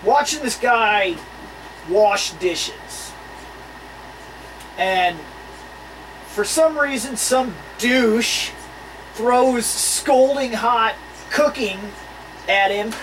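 A podcast co-host telling stories in casual chat, animated and swearing freely, laughing between lines. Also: mid-range voice, drawn-out words, long pauses, far from the mic, slight background noise, low-quality recording.

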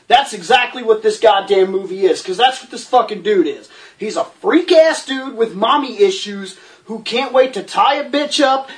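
A sarcastic reviewer tears into a film, swearing constantly and breaking into incredulous outbursts. The voice sits in a middle pitch and sounds slightly distant from the microphone. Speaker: movie reviewer.

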